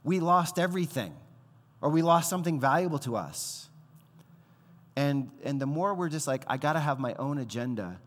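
A man in his thirties preaching a sermon as pastor, conversational and animated, acting out the voices he quotes. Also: fairly low pitch. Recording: long hall reverb.

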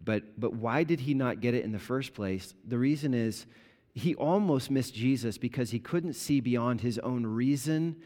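A man preaching a sermon as a pastor, explaining scripture conversationally and bringing the story to life with lively retellings. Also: mid-range voice. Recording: long reverb of a large hall.

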